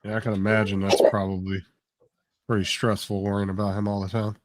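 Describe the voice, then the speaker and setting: Rambling man with a low, dry voice. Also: little pitch movement, brisk, a little mellow, dry recording. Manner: curious, rambling, repeats words as he searches. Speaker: co-host on a live stream. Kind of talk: casual chat.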